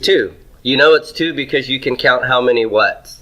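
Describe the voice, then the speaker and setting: A man's voice: medium pitch, moderate pace, bright, forceful tone, low-quality recording. A man teaching Hebrew grammar in a classroom lecture, asking questions and answering them himself.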